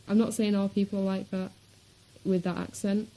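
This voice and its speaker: A woman's voice: mid-range voice, little pitch movement, moderate pace, dark tone, slight background noise, poor audio. A woman from Manchester with a Manchester accent, chatting casually in a rambling vlog with lots of ums. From Manchester, England. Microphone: webcam.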